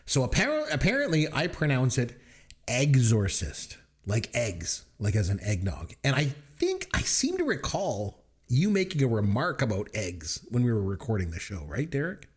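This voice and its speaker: A man's voice: mid-range voice, huge pitch swings, normal speed, few pauses. A Canadian man with a Canadian accent, co-hosting a podcast in casual chat, joking and laughing often. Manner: jokey, laughs often, tells dad jokes. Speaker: podcast co-host.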